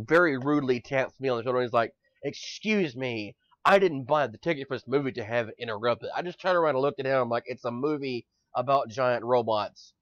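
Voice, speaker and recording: A man co-hosting a casual podcast chat, excitable and rambling, swearing often and swinging between quiet and loud. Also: medium pitch, dry recording. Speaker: podcast co-host. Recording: dull lo-fi podcast mic.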